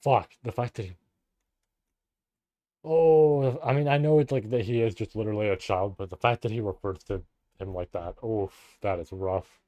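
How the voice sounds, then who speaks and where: A man streaming a live read-through of a novel, reading passages and breaking off into casual, profane, excited reactions. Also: lowish voice, moderate pace, dry recording, dull audio.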